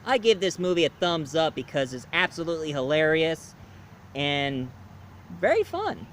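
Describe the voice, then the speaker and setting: A man reviews a movie in a casual, rambling way. He leans on ums and restarts, and his voice sits a little high. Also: big pitch swings, normal speed, a bit bright, slight background noise. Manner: rambling, lots of fillers.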